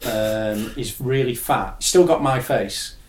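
A man's voice: medium pitch, slow pace, soft background music. A young adult man, chatting casually and enthusiastically, swearing now and then. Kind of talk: casual chat. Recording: echoey room.

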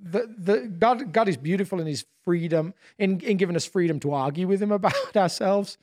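A man's voice: sits high, brisk, darkish tone, no room sound, clean studio sound. A man co-hosting a podcast in casual conversation, thoughtful and often repeating words as he starts his sentences.

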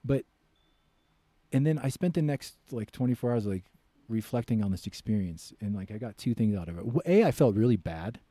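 An American man, a podcast guest and author, telling a story in casual chat and loudly acting out the voices he quotes. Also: lowish voice, expressive, fairly quick, dry recording. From United States.

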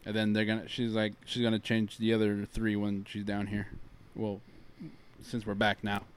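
A man co-hosting a casual podcast, relaxed and laughing with friends. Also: on the low side, normal speed, a little hiss or hum. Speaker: podcast co-host. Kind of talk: casual chat.

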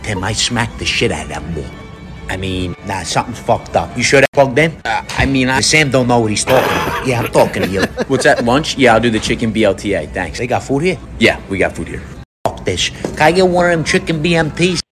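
A man's voice: medium pitch, lively intonation, fairly quick, over music, lightly acted. A man voicing a brash, profane guy at a golf simulator in a comedy sketch. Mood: blustering. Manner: blustery and profane. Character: brash loudmouth Italian-American man golfing.

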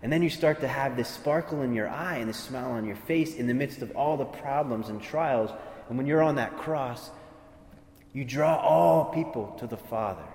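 Male preacher, mid-pitched, earnest sermon delivery with repeated words, recorded in a reverberant hall. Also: normal speed, a little mellow. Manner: earnest, repeats words, voices imagined speakers. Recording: echoey hall with long reverb.

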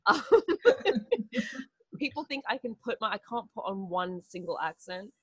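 A woman's voice: mid-range voice, sing-song, a little slow, slightly rough, no echo. A woman from the Turks and Caicos Islands with a mixed international accent, partly American and partly Australian, chatting as an interview guest. She is bubbly and theatrical and laughs often. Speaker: guest, event organizer. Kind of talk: casual interview chat.

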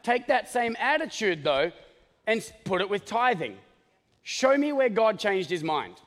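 A man preaching a sermon as pastor, joking and animated, often checking in with the congregation with "okay?". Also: high voice, unhurried, long reverb tail. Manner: joking, animated, talks straight to the congregation with many "okay?" asides.

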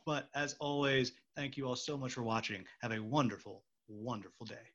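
A man's voice: mid-range voice, normal speed, fairly bright tone, highs cut off. A man and stage actor hosting a casual interview, rambling and joking. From United States. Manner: chatty, rambling, jokey.

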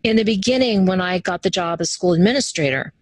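A woman's voice: fairly low pitch, quick pace, no echo, rough recording. A woman guest in a casual interview, talking animatedly and acting out quoted voices as she tells her stories. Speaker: interview guest, human design teacher.

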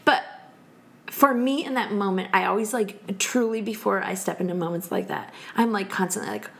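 A woman in her thirties, a podcast guest telling a story in casual chat, animated and laughing often as she acts out quotes. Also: mid-range voice, normal speed, vocal fry.

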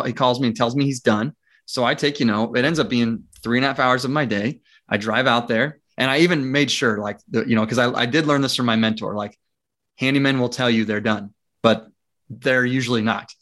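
A man at an average pitch, talking as a guest in a relaxed interview. He tells his story with energy, acts out the dialogue, and laughs as he goes. His talk is casual and full of restarts. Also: brisk. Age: adult with young children. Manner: frequent fillers and restarts. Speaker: interview guest, property investor.

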